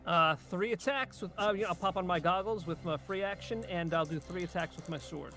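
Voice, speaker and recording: Guy player with a high, gravelly voice, quiet, reading off rolls. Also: brisk, faint music behind. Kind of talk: casual tabletop play.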